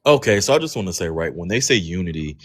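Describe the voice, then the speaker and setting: A man's voice: sits low, very animated, quick pace, slightly rough. A man from North Carolina, arguing bluntly and mockingly as a guest on a live online panel debate. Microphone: online call, at work.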